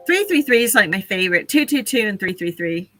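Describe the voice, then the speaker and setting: A woman's voice: mid-range voice, very animated, a little fast, fairly bright tone, faint music behind, low-quality recording. A woman hosting a casual live stream, chatty and laughing often as she talks to her viewers.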